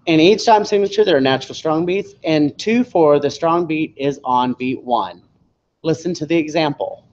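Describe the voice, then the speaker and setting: A man teaching a music lesson, counting out beats and singing rhythms on "da" between explanations. His voice sits a little high and comes from a distance in a roomy, echoing classroom. The recording is dull, with a faint hum of room sound behind. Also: normal speed, darkish tone.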